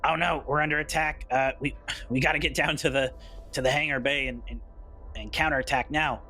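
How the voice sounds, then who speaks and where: A man voicing a hurried male soldier who stumbles over his words as he rushes off to fight. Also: a little high, steady tone, bright, forceful tone, soft background music, voice pushed up. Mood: alarmed.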